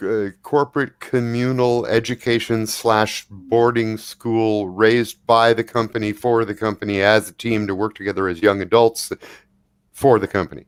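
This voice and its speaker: A man's voice: fairly low pitch, level tone, moderate pace, clear, resonant tone, dry recording, studio quality. A man acting as game master in a tabletop role-playing game, narrating scenes and joking with the players.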